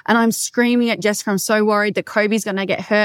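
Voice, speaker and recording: Loud, swearing Australian woman podcaster. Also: medium pitch, fast talker, clean tone, no echo, clean studio sound. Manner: loud, swears freely, animated storytelling. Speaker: podcast host and coach. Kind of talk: casual solo podcast monologue.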